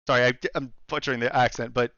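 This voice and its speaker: A man's voice: mid-range voice, flat delivery, quick pace, bright, forceful tone, no room sound, dull audio. A young man running a tabletop game as game master, narrating in a rambling way with fillers.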